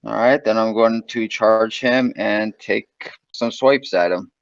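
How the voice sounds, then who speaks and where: A man with a fairly low voice plays in an online tabletop game. He states his actions in a direct, matter-of-fact way. The sound is dry and dull, like lo-fi call audio. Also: a little slow, creaky, no room sound. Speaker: player. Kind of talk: casual tabletop game chat.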